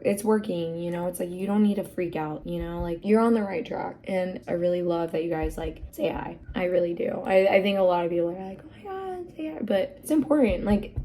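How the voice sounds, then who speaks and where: Chatty young woman, mellow low voice. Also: a little hiss or hum. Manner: chatty, rambling, lots of "like", soft whispered asides. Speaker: beauty vlogger. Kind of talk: casual get-ready-with-me chat.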